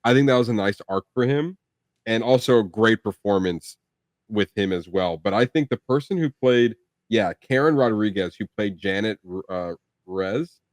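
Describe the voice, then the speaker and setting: A man's voice: fairly low pitch, normal speed, dry recording. Dry-sounding rambling podcast host man. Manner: rambling, lots of "like" and restarts. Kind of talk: casual film review chat.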